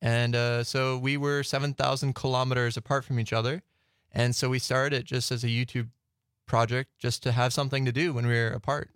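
A man's voice: mid-range voice, level tone, brisk, fairly bright tone, clear, resonant tone, no room sound, clean studio sound. A young man from Green Bay, a musician, talking easygoing as a radio guest. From Green Bay, Wisconsin. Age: young adult. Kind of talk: casual radio interview. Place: radio studio.

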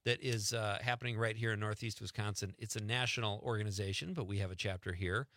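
A man's voice: fairly low pitch, steady tone, fast talker, fairly bright tone, no room sound, studio quality. A man hosting a radio show, bantering casually and joking at his own expense. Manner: joking, self-mocking, rambling. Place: radio studio. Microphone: studio microphone.

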